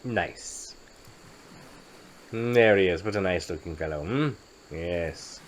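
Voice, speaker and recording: A man's voice: low voice, slow, slight background noise, rough recording. A man narrating and commenting on his own gameplay in a playful, chatty way with jokey asides. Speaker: game commentator.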